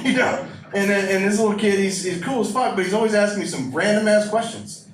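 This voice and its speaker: A man's voice: sits high, fairly quick. Brash, profane man doing stand-up. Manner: profane, brash, riffing with the crowd. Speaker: stand-up comedian. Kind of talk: stand-up comedy set. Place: comedy club stage. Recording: roomy live club recording from a distance. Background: audience laughter and room ambience.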